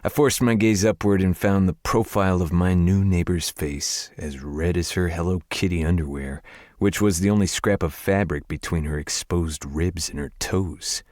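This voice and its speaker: Male audiobook narrator, very low voice, dry close sound, wry confiding first-person read. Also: steady tone, normal speed, a little mellow, no room sound. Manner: wry, confiding inner monologue.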